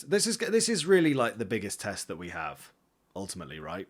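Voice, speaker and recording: A man casually commentating his own football management game, getting excitable and swearing when things go wrong. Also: medium pitch, fairly quick. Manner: excitable, swears when frustrated, self-deprecating asides. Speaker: gaming streamer.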